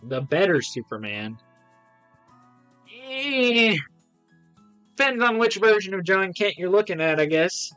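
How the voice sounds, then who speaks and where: A man's voice: high-pitched, expressive, a little fast, few pauses, a bit bright, soft background music. A man casually reviewing comics on a livestream, rambling through plot recaps with lots of fillers and giving blunt, scornful verdicts.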